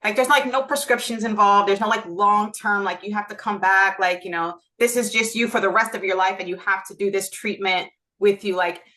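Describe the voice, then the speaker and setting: A woman's voice: mid-range voice, steady tone, fairly quick, bright, forceful tone. A woman hosting a podcast, asking long rambling questions and often searching for her words. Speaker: podcast host. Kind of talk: casual interview questions.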